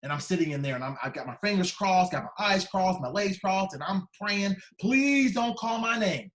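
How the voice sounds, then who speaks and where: A man's voice: high-pitched, brisk. A man in his fifties giving a personal storytelling speech as keynote speaker, dramatic and acting out the voices in his story. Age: 50s. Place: large conference hall. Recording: echoey conference hall.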